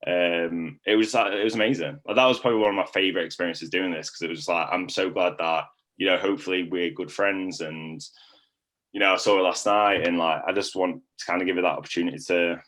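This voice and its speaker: A deep-voiced young man talks quickly in a steady, fairly bright tone. As a coaching client, he chats casually through his testimonial, rambling and leaning heavily on "like" as filler.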